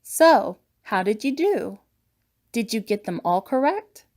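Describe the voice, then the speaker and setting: A woman narrating a children's lesson on voices, gentle and encouraging. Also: fairly high pitch, big pitch swings, slow.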